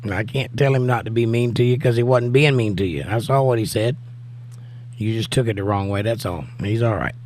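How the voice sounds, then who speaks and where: A man with a hoarse, nearly worn-out voice hosts a casual livestream, joking easily with viewers and reading their comments aloud. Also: fairly low pitch, fairly quick, darkish tone, a little hiss or hum. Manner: easygoing and jokey, talking straight to viewers. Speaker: livestream host.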